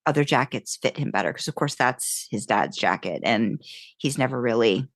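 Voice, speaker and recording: Low-voiced, lively woman podcast co-host. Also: moderate pace, no room sound, clean studio sound. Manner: rambling, restarts, upbeat. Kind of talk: casual fan podcast chat.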